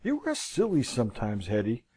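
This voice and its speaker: A man voicing a gentle, sensible young woman who chides her sister with mild, coaxing reproach, in an audiobook reading. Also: mid-range voice, wildly swooping pitch, moderate pace, breathy edge, no room sound, voice pushed down.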